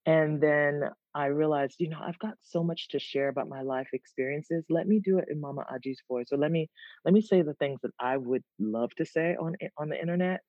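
Animated woman guest, dull dry recording. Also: deep voice, fairly quick, no room sound. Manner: animated, laughs easily, restarts words. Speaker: guest, content creator. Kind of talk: casual interview chat.

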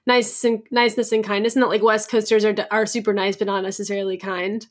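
A woman hosting a casual podcast who thinks out loud, often filling her speech with "like". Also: medium pitch, flat delivery, fast talker. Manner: reflective, frequent "like" fillers, laughs easily. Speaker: podcast host and newsletter writer. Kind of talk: casual conversational chat.

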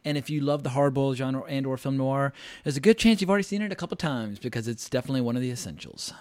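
A man hosting a podcast, talking about film noir in an enthusiastic, animated way. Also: mid-range voice, racing. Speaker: podcast host. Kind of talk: casual film discussion.

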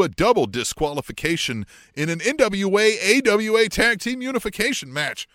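Guy cohosting a wrestling podcast, bright voice, kinda high, jokey, reads old results off. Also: sing-song, moderate pace, few pauses, dry recording, clean studio sound. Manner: jokey, reads out wrestling history with playful asides. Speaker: podcast co-host. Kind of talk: casual wrestling podcast chat.

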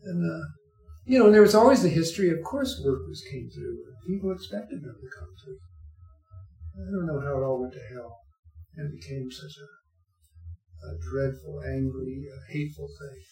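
A man's voice: a little high, normal speed, warm tone. An older man, a guest storyteller, chatting in an interview, rambling and wry, with chuckling asides. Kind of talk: casual interview chat. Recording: echoey room, faint music.

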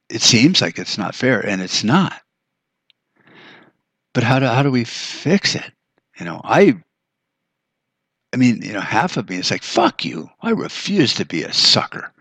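A very low, husky man rants on his podcast, swearing freely and turning sarcastic as he goes. The sound is dry and close, with little room around it. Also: a bit bright, no echo. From United States. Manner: angry, profane, sarcastic ranting. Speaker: podcast host. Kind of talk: ranting monologue.

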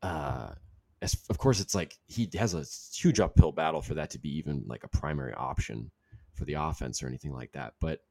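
A man's voice: a bass voice, brisk, vocal fry, dark tone. A man hosting a casual sports podcast, talking in a loose, rambling way with plenty of fillers. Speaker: podcast host.

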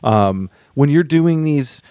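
A man's voice: a little high, expressive, slow pace, warm tone, clear, resonant tone, no echo, studio quality. A man hosting a podcast, asking rambling questions in casual chat. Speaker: podcast host.

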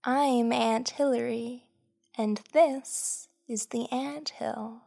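A woman voicing a cheerful, cryptic old woman in an audio story, sweet and gently chiding. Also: a little high, fairly even intonation, very slow, gravelly, heavily acted.

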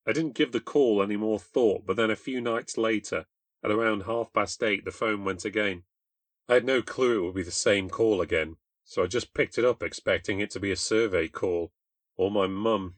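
A young man narrates a first-person ghost story in a bitter, deadpan tone. His voice sits low, and the recording is dry and close with no room sound. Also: dry recording. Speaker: podcast host and narrator.

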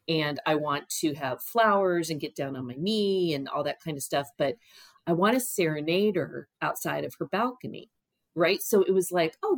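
Woman, middle-aged, casual storytelling, lowish voice, dry close recording, animated quoted voices. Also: dry recording. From Ohio. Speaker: guest telling her story.

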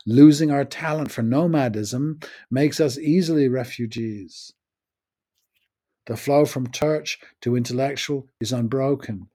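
A man's voice: medium pitch, unhurried, mellow. A man in his sixties, raised in the United States, giving a wry, opinionated spoken essay on his own podcast.

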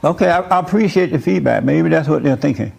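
A man leads a casual faith discussion, chuckling and joking through his stories but turning preachy when he explains things. His voice sits on the high side, animated and quick, creaky, a little mellow and husky.

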